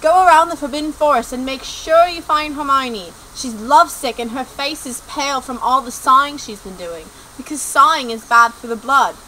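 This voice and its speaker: A woman's voice: high voice, normal speed, few pauses, pushed and bright, slight background noise, low-quality recording. A woman playing a commanding male wizard professor who gives orders. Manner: imperious, issuing orders.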